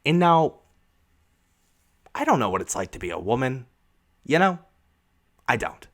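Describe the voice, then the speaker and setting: A man's voice: mid-range voice, big pitch swings, unhurried, fairly bright tone. A young man hosting a podcast, ranting casually and sarcastically with lots of profanity. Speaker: podcast host.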